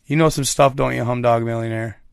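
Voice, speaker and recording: A man's voice: mid-range voice, steady tone, fairly quick, gravelly, smooth, no echo, clean studio sound. A man talking casually with his viewers, telling a rambling story full of slang. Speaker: streamer chatting with viewers. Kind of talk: casual chat.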